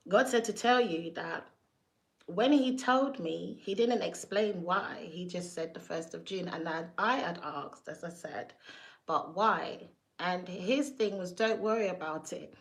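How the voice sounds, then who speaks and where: A woman's voice: fairly low pitch, measured pace. Chatty woman vlogging. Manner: chatty, lively, laughs and asides. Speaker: vlog host. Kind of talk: casual testimony vlog.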